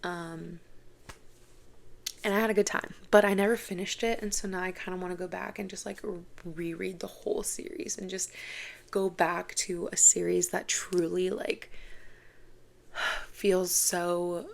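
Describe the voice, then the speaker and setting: Chatty, low, gravelly-voiced woman. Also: little pitch movement, a little slow. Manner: chatty, lots of "like" fillers. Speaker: book vlogger. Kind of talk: casual chat.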